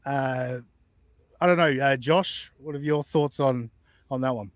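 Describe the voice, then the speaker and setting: A man's voice: mid-range voice, unhurried, no echo, studio quality. A man hosting a podcast, casually reacting to clips, chatty, swearing and incredulous. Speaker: podcast host.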